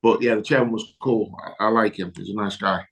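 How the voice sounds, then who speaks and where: A man's voice: lowish voice, steady tone, creaky, rough recording. Man chatting casually as co-host. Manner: conversational, quick to agree, fires off follow-up questions. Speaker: podcast co-host. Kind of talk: casual chat.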